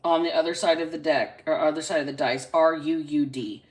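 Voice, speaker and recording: A woman hosting a casual live-stream reading into a phone, chatty and salty, stretching out single words between quick asides. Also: low-pitched, steady tone. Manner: chatty, drawls single words then talks fast. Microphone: phone camera.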